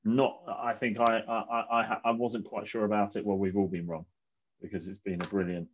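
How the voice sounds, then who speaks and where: A man hosting a casual football podcast, upbeat and gently teasing his co-hosts. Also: lowish voice, level tone, moderate pace, highs cut off, a little hiss or hum. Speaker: podcast host.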